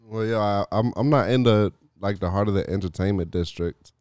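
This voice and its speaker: Deep, exhausted man hosting a podcast. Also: a little fast. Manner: profane, deadpan. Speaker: podcast host. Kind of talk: casual chat.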